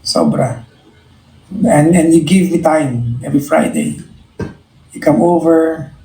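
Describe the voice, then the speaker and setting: A man with a Filipino accent hosts a live stream, chatting casually with viewers in an earnest, reflective way and often restarting his phrases. His voice is fairly high with a dark tone and a slow pace, captured in a rough, reverberant recording.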